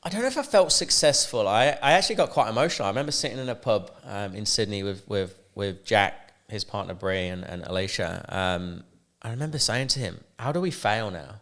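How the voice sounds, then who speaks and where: Male podcast guest, low voice, lively anecdotal storyteller. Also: a little fast. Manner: animated, laughs often while telling stories. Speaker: podcast guest, sales coach. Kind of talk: casual storytelling chat.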